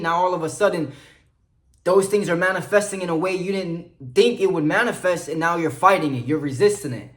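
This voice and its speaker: An earnest man delivers a motivational sermon-like monologue, his voice sitting slightly high for a man. He moves between hushed confiding and loud, pressing encouragement. The recording has a noticeable roomy echo. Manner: earnest, preachy, swings between soft confiding and loud urging. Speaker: motivational vlogger.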